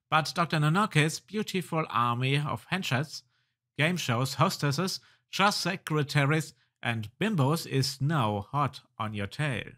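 A man's voice: medium pitch, a bit bright. A man hosting a let's play, reading game text aloud and muttering casual reactions.

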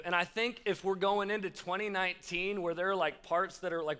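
A young man preaching a chatty youth sermon. His voice sits high and sounds bright and clear. He jokes and turns to speak directly to his listeners. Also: steady tone, a little fast, hardly any pauses. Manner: chatty, joking, addresses the crowd directly. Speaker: youth pastor. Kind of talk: casual youth sermon with stories.

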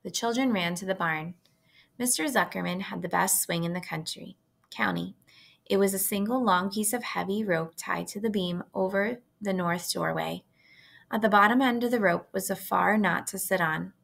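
Woman with a gravelly storybook reading voice. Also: mid-range voice, moderate pace. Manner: steady, gentle storytelling. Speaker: narrator reading a children's novel aloud. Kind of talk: storybook read-aloud.

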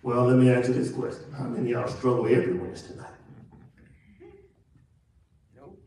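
A man, pastor, preaching a sermon and swinging from loud to hushed. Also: medium pitch, moderate pace, a little hiss or hum. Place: church sanctuary. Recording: echoey church from far off.

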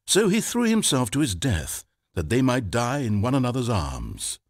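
A man's voice: medium pitch, wildly swooping pitch, moderate pace. A man narrating a video game in a dry, wry storytelling voice.

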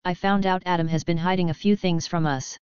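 Thoughtful hesitant guy, read by a woman, low clear voice, dry muffled sound. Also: fairly even intonation, a little mellow, no echo, natural voice. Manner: measured, hesitant. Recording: dry, dull lo-fi.

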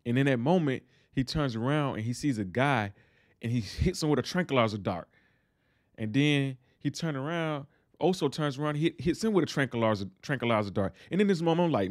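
A young man casually recapping a TV episode, retelling scenes in slangy, animated talk and acting out lines. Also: mid-range voice, brisk, dry recording, studio quality. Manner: animated retelling with slangy asides and acted-out dialogue. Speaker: TV recap host.

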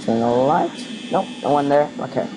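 A man's voice: mid-range voice, brisk. Young man pleading through a horror game. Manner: anxious, pleading, rambling chatter. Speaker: gaming video host. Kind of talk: casual let's play commentary. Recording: home recording with steady background noise.

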